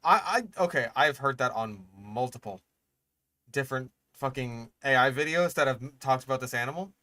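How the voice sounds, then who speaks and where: A young man reacting on a stream, exasperated and sarcastic, swearing freely as he picks things apart. His voice sits at a medium pitch and sounds close and dry, with no room around it. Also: lively intonation, normal speed, sharp tone, no echo. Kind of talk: casual reaction commentary.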